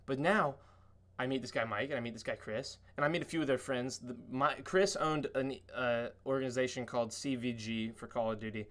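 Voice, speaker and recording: A man on a podcast telling excited stories with lots of cursing and fillers, acting out quotes in a much higher voice. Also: fairly quick. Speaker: podcast guest. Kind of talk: casual podcast chat.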